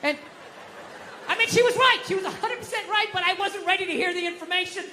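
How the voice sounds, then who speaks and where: Profane ranting stand-up comedian. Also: male voice, very high voice, fast, in a large hall, slight background noise. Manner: profane, ranting, shifts into shouted outbursts.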